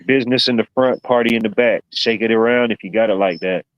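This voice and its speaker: A man's voice: medium pitch, quick pace, dry recording, muffled recording. A man hosting a casual live stream, joking and rambling, peppering his talk with "you know what I mean". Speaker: stream host.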